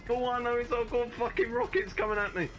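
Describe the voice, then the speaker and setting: Woman, gamer, frantic screams and swearing, laughing, high voice, slow drawn-out words. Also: fairly bright tone, low-quality recording. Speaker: gamer playing with a friend. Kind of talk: chaotic gameplay chat. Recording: game noise under the voice.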